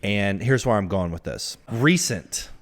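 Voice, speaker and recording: Casual podcast chat from a Midwestern co-host: his lowish voice is animated and a little slow as he opens up about his dating life, candid and slightly self-deprecating.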